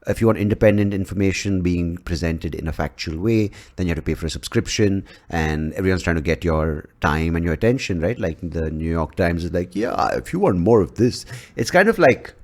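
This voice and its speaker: A man with a fairly low voice hosts his own podcast in a loose, unscripted monologue. He rambles and swears freely, trips over restarts, and jumps up in pitch to stress a point. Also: fairly quick, few pauses. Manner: rambling and profane, with frequent restarts. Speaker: podcast host. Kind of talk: casual solo podcast monologue.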